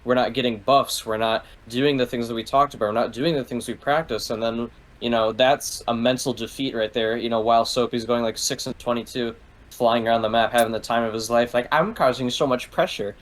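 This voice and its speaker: A man telling a long tangent in relaxed gaming chat, his voice at an ordinary middle pitch. He keeps piling on "like" and drops swear words without pause. It sounds loose and unscripted. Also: rough recording. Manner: rambling, heavy use of "like", swears freely. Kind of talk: casual gaming talk.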